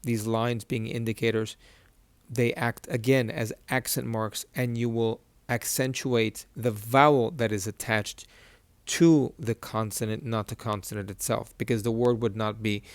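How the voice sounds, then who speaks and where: A man's voice: medium pitch, fairly even intonation, no echo. Patient male teacher sounding out syllables. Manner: patient, repeats each syllable slowly. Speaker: Hebrew reading teacher. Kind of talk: whiteboard lesson.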